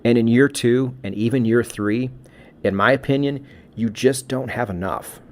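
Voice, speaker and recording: A man's voice: mid-range voice, moderate pace. A middle-aged man co-hosting a casual podcast conversation, talking reflectively and giving advice with frequent restarts. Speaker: podcast co-host.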